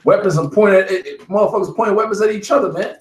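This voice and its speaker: Man, around 40, emphatic, profane, casual preaching, fairly high voice, roomy echo. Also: fast talker, slight background noise. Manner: emphatic, profane, says "man" after almost every phrase. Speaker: street bible teacher leading the study. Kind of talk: casual preaching and war stories. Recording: echoey room.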